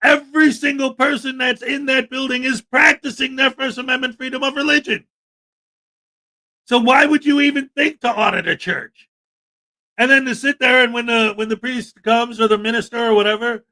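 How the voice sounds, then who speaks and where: A man's voice: very high voice, fairly even intonation, normal speed, bright, forceful tone. A man hosting a livestream, talking in an indignant, emphatic rant and reading out chat. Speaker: livestream host. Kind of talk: livestream commentary.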